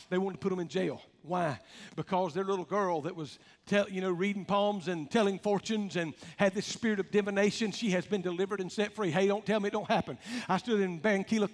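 The long reverb of a big hall surrounds a pastor whose slightly bright voice sits high. He gives a folksy, emphatic sermon, cracking jokes and calling out to his congregation.

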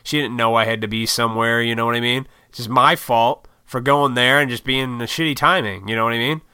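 A man's voice: mid-range voice, fairly even intonation, fairly quick, sharp tone, smooth, no room sound, studio quality. A man telling a rambling, swear-heavy story to the camera, poking fun at his own impatience. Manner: rambling, profane, self-deprecating. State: short on sleep. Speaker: vlogger. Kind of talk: casual storytelling monologue.

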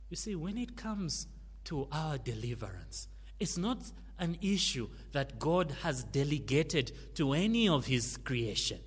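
A man preaching a sermon, stressing his words forcefully and then dropping to hushed phrase endings. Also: on the high side, sing-song, unhurried, slightly rough. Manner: emphatic, swinging from loud stresses to hushed endings. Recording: long hall reverb.

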